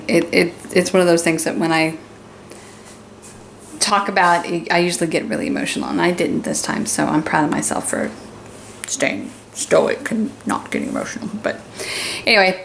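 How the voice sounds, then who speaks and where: A woman's voice: lowish voice, a little hiss or hum. Chatty woman vlogging at home. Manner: chatty, cheerful, talks to her pets in baby talk. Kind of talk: casual home vlog. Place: home kitchen and living room.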